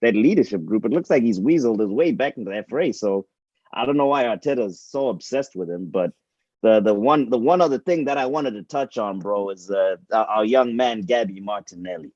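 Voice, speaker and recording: A man's voice: on the low side, animated, brisk, darkish tone, dry recording, lo-fi sound. A man co-hosting a football show, chatting casually and repeating words as he thinks. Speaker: co-host.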